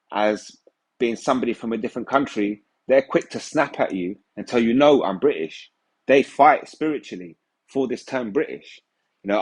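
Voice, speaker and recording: A man's voice: mid-range voice, husky. A man giving an informal religious teaching in a conversational way, often saying "you know". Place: England.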